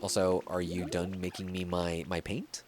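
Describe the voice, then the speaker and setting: A man's voice: deep voice, level tone, darkish tone, faint music behind. Chatty male game streamer. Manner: chatty, reacts to viewer messages, quick laughs. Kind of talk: casual gameplay livestream chat.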